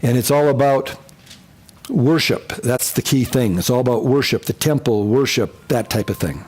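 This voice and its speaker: Man, pastor, bible lecture, lively, repeats key points, acts out quotes. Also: mid-range voice, normal speed, slightly rough. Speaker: pastor teaching a Bible class.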